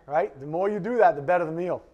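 A man preaching a conversational sermon to a Bible class. He talks directly to his listeners and swings between loud emphasis and quiet asides. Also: on the high side, fast, highs cut off. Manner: emphatic and direct, addressing the congregation.

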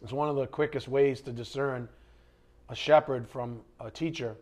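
A man's voice: medium pitch, steady tone, normal speed, darkish tone. A man teaching the Bible in a conversational way, blunt and fond of rhetorical questions.

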